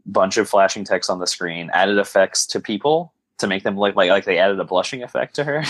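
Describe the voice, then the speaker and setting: Very deep-voiced man, casual podcast chat. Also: fairly quick, a bit bright, dry recording, rough recording. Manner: rambling, hedging with fillers. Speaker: podcast co-host. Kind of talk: casual film-discussion chat.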